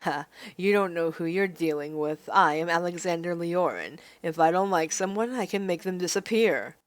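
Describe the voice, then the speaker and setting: A woman's voice: on the low side, normal speed, pitched below the performer's own voice, natural voice. A woman voicing an arrogant, manipulative young male noble with cold, domineering threats, reading a visual novel aloud.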